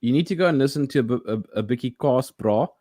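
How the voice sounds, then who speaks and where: A man chatting casually, telling animated stories with many restarts and laughs. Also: mid-range voice, fast, no echo, clean studio sound. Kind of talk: casual chat.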